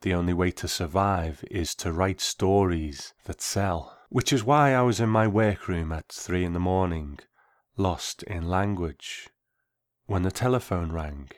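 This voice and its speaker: A man narrating a first-person story in a measured, reflective way. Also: sits low, no echo, studio quality.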